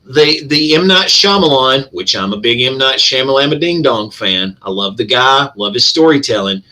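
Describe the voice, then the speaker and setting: Male podcast cohost, bright voice, profane, emphatic rants. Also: mid-range voice, animated, moderate pace, poor audio. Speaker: podcast co-host. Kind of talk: casual podcast chat.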